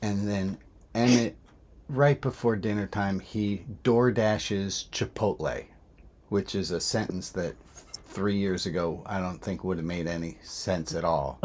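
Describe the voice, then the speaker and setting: A man who is a rabbi, telling a candid personal story in a self-reflective way, often restarting his sentences. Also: on the low side.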